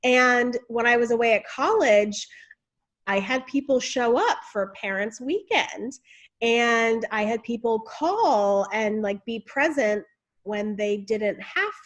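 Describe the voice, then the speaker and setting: Woman, interview guest, lively expressive talk, somewhat high voice, casual chat. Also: slow pace. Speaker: guest, author and speaker.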